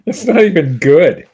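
A man's voice: high voice, warm tone, slightly rough. A man co-hosting a podcast, teasing the others and laughing often in casual chat. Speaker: podcast co-host.

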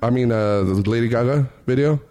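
A man hosting a podcast in a relaxed, slangy way, calling guests bro and wrapping up with plugs. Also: medium pitch, brisk, slight background noise. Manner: easygoing, slangy, calls people bro. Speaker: podcast host. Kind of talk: casual chat.

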